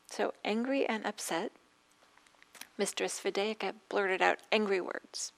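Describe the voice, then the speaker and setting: A woman meditation teacher giving a dharma talk, speaking gently with pauses and a slightly scratchy throat. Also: medium pitch, fairly even intonation, creaky. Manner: gentle, soft-spoken with frequent pauses and fillers.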